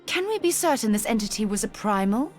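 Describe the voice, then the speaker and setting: A skeptical young scholar. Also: female voice, a little high, sing-song, a little fast, a little mellow, faint music behind. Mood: doubtful. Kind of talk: game voice acting.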